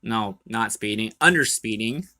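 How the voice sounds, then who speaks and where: A man's voice: on the low side, a little slow, sharp tone. A man who drives trucks, recounting his day in a casual, folksy, rambling way with lots of restarts, talking from home. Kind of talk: casual storytelling vlog. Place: indoors at home.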